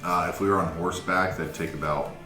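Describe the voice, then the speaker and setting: A man playing a tabletop game, talking in a lively, joking way. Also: deep voice, fairly quick. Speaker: player. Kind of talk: casual tabletop game chat. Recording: echoey room with music behind.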